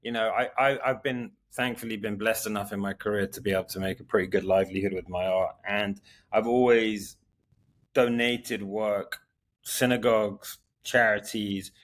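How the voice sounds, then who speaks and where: A man in a casual interview. His voice sits a little low. He talks earnestly and circles back over his own words. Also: fairly even intonation, normal speed. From London. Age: 40s. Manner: earnest, rambling, repeats words. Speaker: guest artist.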